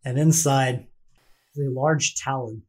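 A man's voice: mid-range voice, fairly even intonation, a little slow. A man running a tabletop game as game master, casual and rambling with many fillers.

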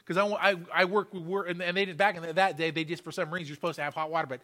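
Racing through his sermon, a man speaks in a high, steady, bright and forceful voice. The pastor tells a testimony in a church sanctuary and emphatically repeats what he wants the congregation to hear.

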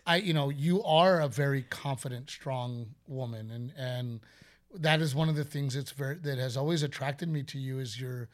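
A man co-hosting a podcast in casual chat, a joking, animated storyteller who swears freely. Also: medium pitch, normal speed. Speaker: podcast co-host.

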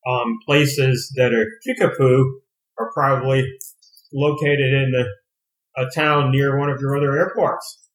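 A man's voice: mid-range voice, steady tone, a little slow. Easygoing male player, echoey room. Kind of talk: casual tabletop play.

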